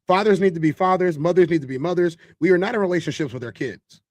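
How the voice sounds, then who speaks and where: A male host with a somewhat high voice gives casual live-stream commentary. He talks straight to his chat and makes his points with emphasis. The sound is close and dry. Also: quick pace, darkish tone, dry recording.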